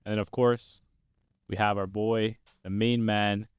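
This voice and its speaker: A man's voice: on the low side, level tone, unhurried, smooth, dry recording. A young man hosting a casual football podcast, upbeat and steering the talk with questions. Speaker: podcast host. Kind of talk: casual sports chat.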